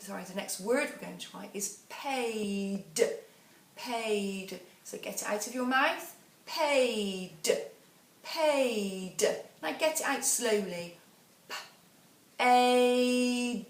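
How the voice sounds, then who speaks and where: A woman teacher giving a phonics dictation lesson, counting down and sounding out words slowly and patiently. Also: medium pitch, gravelly, fairly bright tone. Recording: echoey room, voice a bit far from the mic, faint background noise.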